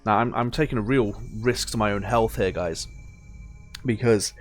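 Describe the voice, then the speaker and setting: A man's voice: lowish voice, normal speed. A man doing live gameplay commentary as a streamer, chatty and joking, often laughing and talking to his chat. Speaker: game streamer. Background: game audio and music.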